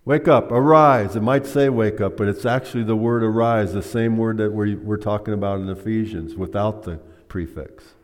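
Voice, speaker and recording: A man's voice: on the low side, steady tone, normal speed, few pauses, darkish tone. A man preaching a sermon, teaching by asking the congregation questions. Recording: long hall reverb.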